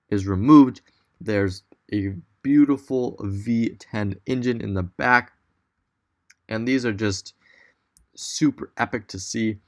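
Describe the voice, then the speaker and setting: A young man with a fairly low voice talks through a virtual walk-around as a voice-over. He sounds keen and loose, thinking aloud and correcting himself as he goes. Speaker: car vlogger. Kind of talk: casual tour narration.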